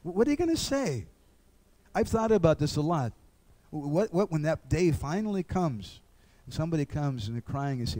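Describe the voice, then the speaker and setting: A man's voice: fairly high pitch, very animated, moderate pace, warm tone. A man giving an earnest devotional lecture, acting out little dialogues.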